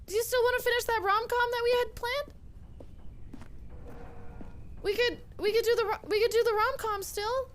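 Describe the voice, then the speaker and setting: A woman's voice: extremely high pitch, steady tone, normal speed, pauses often, fairly bright tone. A young woman streaming a game live, rambling and calling out over and over. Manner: talks to the game character, rambling and repetitive.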